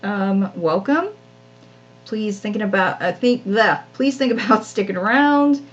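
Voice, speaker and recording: A woman's voice: mid-range voice, measured pace, dull audio. A woman hosting a live crafting stream, chatting casually and self-deprecatingly with viewers as she works, often laughing at herself. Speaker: craft channel host.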